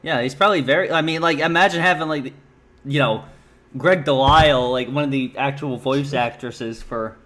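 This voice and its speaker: A man with a bright, forceful voice hosting a loose podcast chat. He rambles, swears freely and drops in dry sarcasm, his pitch sitting in the ordinary middle range. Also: moderate pace. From lives in New York. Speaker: podcast host. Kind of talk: casual chat.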